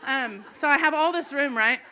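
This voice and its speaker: Woman storyteller, middle-aged, live comedy set; bright tone, slightly high voice, animated and laughing. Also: moderate pace. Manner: animated, laughing as she tells it. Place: live stage before an audience.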